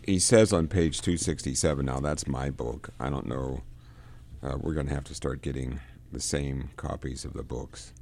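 A man leading a casual book discussion, talking in a halting way and often repeating words as he reads passages and explains them. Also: very deep voice, gravelly, a little mellow.

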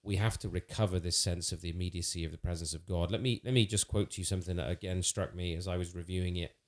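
A man with a low voice and fairly even intonation talks fast in a conversation on a faith podcast. He's earnest and thoughtful in this theological discussion, frequently restarting and using fillers.

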